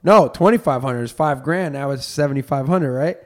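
A man's voice: mid-range voice, brisk. A man hosting a podcast, telling a long joke with lots of swearing and acting out the people in it. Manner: animated storyteller, heavy swearing, acts out characters. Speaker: podcast host. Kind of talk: casual chat, joke telling.

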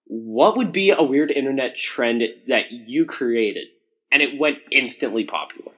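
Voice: mid-range voice, lively intonation, unhurried. Teen podcast host herding friends. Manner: steers the talk with repeated "all right". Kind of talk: casual group chat.

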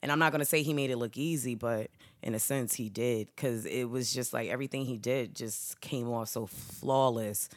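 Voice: mid-range voice, moderate pace, few pauses, no room sound, studio quality. A podcast co-host telling a story in casual group chat, rambling with plenty of "um" and "like". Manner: rambling storytelling with frequent fillers.

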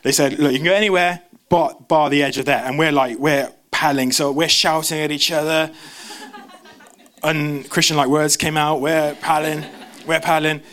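A young man with a voice on the high side preaches during a church service. He's an animated storyteller who jumps into quoted voices.

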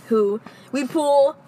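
Chatty young woman telling dating stories. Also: high voice. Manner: animated storytelling with playful impressions. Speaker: podcast co-host. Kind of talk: casual chat.

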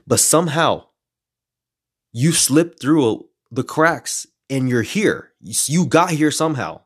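A man in his twenties, a podcast host telling a story in casual, lively style, adding some playful swearing. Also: mid-range voice, unhurried, husky. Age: 20s.

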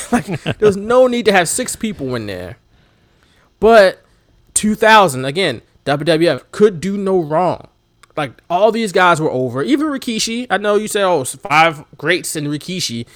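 A man talks casually and animatedly about old matches, his voice swooping high and low with a lively, expressive range. He sits fairly high for a male voice, and the recording is dry and close with no room sound. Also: normal speed, no echo. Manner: animated, laughs often, mimics commentators' shouts. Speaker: podcast co-host. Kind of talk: casual wrestling chat.

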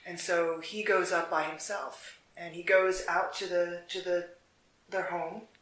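A storyteller telling a folk tale in a relaxed, unscripted way, with fillers and restarts. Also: mid-range voice, unhurried. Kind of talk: casual storytelling. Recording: echoey room.

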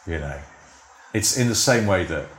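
A man's voice: low-pitched, animated, moderate pace, fairly bright tone, reverberant, soft background music. A British man talking in a casual podcast conversation as a guest. He is chatty and wry and often restarts his sentences. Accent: British English. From Britain. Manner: chatty and wry, with frequent self-interrupting restarts. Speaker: guest, TV script editor and motoring journalist. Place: at home, near a garden.

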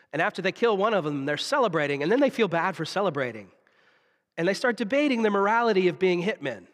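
Preacher in a big echoing hall. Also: male voice, a little high. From Southern United States. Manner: storytelling, dramatic pauses, drops to a hush. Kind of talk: sermon. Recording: long reverb of a large hall.

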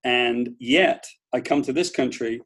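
A man's voice: medium pitch, a little slow, slightly rough. A man with a British accent from Britain, a guest in a casual interview, talking emphatically and animatedly about his views and career. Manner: emphatic, animated storytelling with mimicked voices. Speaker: comics writer and former editor, guest.

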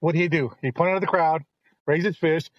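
A middle-aged man, the host's father, telling long rambling stories in casual chat and turning animated when he quotes others. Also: fairly high pitch, moderate pace, no room sound, dull audio.

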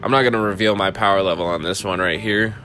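Laid-back monotone man hosting a podcast. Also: fairly low pitch, quick pace, faint music behind. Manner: laid-back, rambling, with fillers and asides. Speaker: podcast host. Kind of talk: casual political commentary and article reading.

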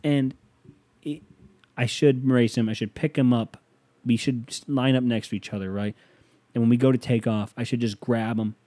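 A man's voice: mid-range voice, steady tone, normal speed, mellow, no room sound. A man hosting a podcast, telling a funny story in a rambling, self-mocking way with sudden angry rants. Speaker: podcast host. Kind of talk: casual comedic storytelling. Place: bedroom with a fan running.

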